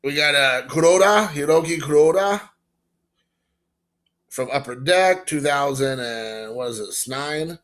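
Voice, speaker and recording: A man in his forties from Indiana, excitedly opening and showing baseball cards in a casual, rambling vlog. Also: fairly high pitch, unhurried. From Indiana, USA. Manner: excited, emotional, rambling with fillers. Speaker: baseball card collector vlogger.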